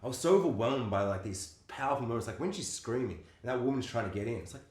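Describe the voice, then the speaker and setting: A man co-hosting a podcast who talks about films in a rambling, excitable way, full of fillers. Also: mid-range voice, quick pace. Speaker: podcast co-host. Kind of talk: casual film discussion. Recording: roomy echo.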